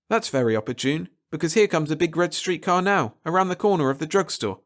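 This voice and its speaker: A man narrating a first-person short story aloud, expressive and swinging from hushed to excited. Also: on the high side, a little fast, hardly any pauses. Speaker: audiobook narrator.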